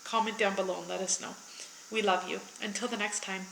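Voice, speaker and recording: A woman's voice: medium pitch, fairly even intonation, fairly quick, gravelly, fairly bright tone, a little hiss or hum. A tearful woman giving an earnest spiritual tarot reading to viewers, repeating and reassuring as she goes. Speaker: tarot reader. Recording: echoey room.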